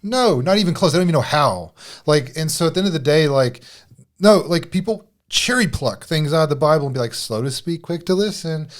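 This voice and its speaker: A man's voice: a little high, expressive, a little fast. Rambling man marriage coach. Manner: rambling, lots of filler likes. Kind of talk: casual podcast chat.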